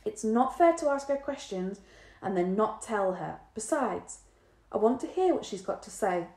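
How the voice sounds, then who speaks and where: A curious, stubborn little schoolboy, as a woman reads him aloud, earnest as he explains himself. His pitch moves in a lively way. A roomy echo surrounds the reading. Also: moderate pace, lightly acted. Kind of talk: storybook reading.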